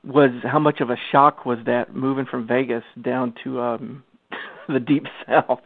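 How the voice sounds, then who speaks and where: A man's voice: mid-range voice, flat delivery, unhurried, dry recording. A man hosting a radio interview, enthusiastic and laughing easily in casual chat. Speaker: radio show host. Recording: tinny phone line.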